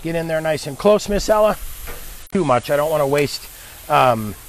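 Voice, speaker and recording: A man's voice: fairly high pitch, lively intonation, normal speed, a little hiss or hum. A man hosting a live cooking demo, chatting upbeat with viewers and his helper as he cooks. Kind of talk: live cooking stream, casual chat.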